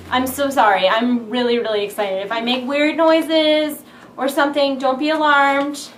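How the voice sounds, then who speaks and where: Giddy high-voiced young woman vlogger. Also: fairly even intonation, normal speed. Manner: giddy, jokey, talks to herself while fiddling with the box. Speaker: unboxing vlogger. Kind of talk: excited casual unboxing talk. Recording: echoey room, faint background hiss.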